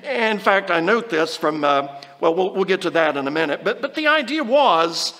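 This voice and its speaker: A high-pitched man teaches from the Bible in an earnest, explanatory sermon, slowing right down whenever he reads a verse aloud. His voice carries a long reverb, as if it were spoken in a large hall. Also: big pitch swings, fairly bright tone. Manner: earnest, explanatory, slows down to quote scripture. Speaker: preacher.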